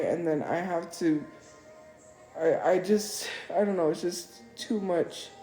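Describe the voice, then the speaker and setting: A woman's voice: sits low, warm tone. A woman on a live stream talking in an upset, defensive way and repeating herself. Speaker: livestreamer. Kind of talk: emotional live-stream monologue. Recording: echoey room, faint music.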